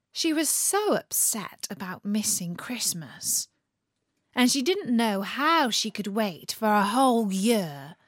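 Slow, expressive woman reading a story. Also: fairly high pitch, no echo, studio quality. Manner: expressive, dropping to whispers. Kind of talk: reading a children's story aloud.

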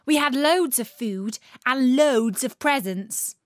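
A woman voicing a cheerful young boy in a storybook reading, bright and boastful. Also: sits high, slow, dry recording, clean studio sound, voice pushed up.

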